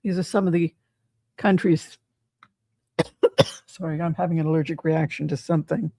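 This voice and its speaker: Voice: mid-range voice, fairly even intonation, moderate pace, creaky, mellow, dry recording, clean studio sound. A psychic tarot reader giving casual livestream commentary in a chatty way, often asking the audience rhetorical questions.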